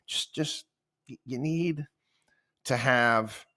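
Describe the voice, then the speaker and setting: Bright-voiced man in halting commentary. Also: mid-range voice. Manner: halting, with many fillers and restarts. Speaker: host. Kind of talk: casual commentary.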